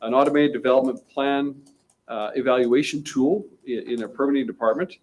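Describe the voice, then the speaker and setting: Measured mayor at a press conference. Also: male voice, mid-range voice, a little mellow, rough recording. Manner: measured, restarts and repeats words.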